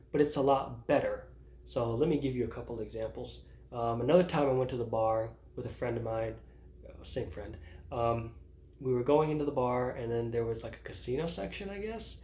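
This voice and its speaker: A man in his thirties tells his own stories to the camera, stumbling through restarts and laughing at his own moments. His voice sits at an ordinary middle pitch. The room around him sounds hollow and echoey. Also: darkish tone. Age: 30s. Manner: rambling, self-interrupting, laughs at himself. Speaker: vlogger. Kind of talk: casual personal vlog. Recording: roomy echo.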